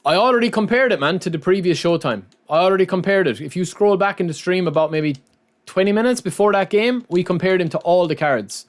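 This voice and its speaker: A man with a slightly high voice chats casually on his live stream. He keeps calling his viewers lads and man, thanking them as he goes. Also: lively intonation, a little fast. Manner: chatty, says lads and man often.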